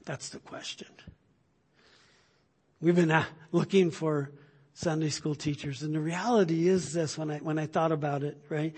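A man with a high, husky voice delivers a sermon. He presses his points with rhetorical questions and moves between loud urging and hushed near-whispers. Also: fairly even intonation, unhurried, long pauses. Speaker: pastor.

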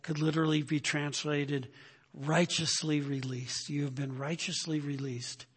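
An older man preaching a sermon, telling animated stories and repeating phrases for emphasis. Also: a little high, unhurried, slightly rough. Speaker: pastor. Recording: long hall reverb.

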